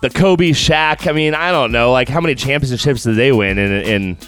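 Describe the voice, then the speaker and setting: Male sports co-host, mid-pitched, opinionated and easygoing; faint music bed. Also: fairly bright tone. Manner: conversational, opinionated, quick to laugh. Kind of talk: casual sports talk.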